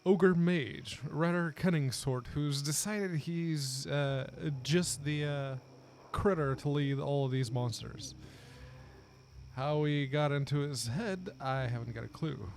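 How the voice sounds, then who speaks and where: A man reading aloud the lines of a weary older male farmer in a game, in a plain, low-key voice without putting on an accent. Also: takes it slowly, darkish tone, a little hiss or hum. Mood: grim.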